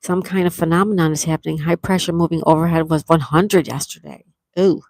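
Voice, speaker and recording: Speaking a little fast in a steady tone, a middle-aged woman with a low, gravelly voice hosts a casual livestream outdoors near calm water. She reads viewer comments aloud softly and thanks them with sweet exclamations. The recording is dry and studio quality.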